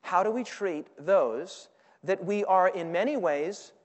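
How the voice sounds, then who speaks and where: Male preacher, high voice, dynamic sermon delivery with call-outs to the congregation, long hall reverb. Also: slow. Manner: dynamic, swings between loud and quiet; asks the audience for responses. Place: large hall with audience.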